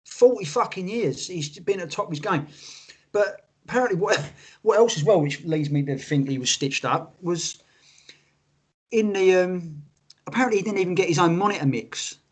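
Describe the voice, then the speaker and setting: A man co-hosting a casual podcast chat, animated and sweary, telling stories with quoted voices. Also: sits high, moderate pace, breathy edge. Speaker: podcast co-host.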